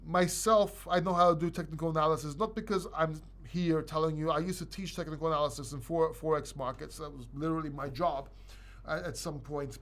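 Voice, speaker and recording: Male live-stream host, high-pitched, blunt and emphatic, slightly breathless. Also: steady tone, a little fast, fairly bright tone. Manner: blunt, emphatic, repeats himself, swears. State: short of breath, a little sick. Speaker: crypto channel host. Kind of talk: live stream Q&A, opinionated rant.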